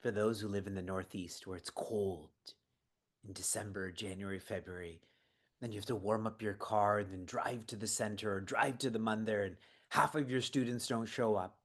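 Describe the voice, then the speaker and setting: Speaking from his prayer room, a seva training guide holds an online session, quizzing his audience and laughing between points to keep them engaged. His voice is on the low side and fairly bright, with fairly even intonation and a moderate pace.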